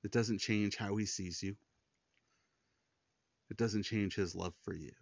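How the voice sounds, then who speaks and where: A middle-aged man hosts a Christian podcast, delivering an earnest personal monologue and often repeating words or starting over when he gets moved. His voice is fairly low, steady and creaky, with a measured pace. The lo-fi recording sounds dull and dry, with no echo.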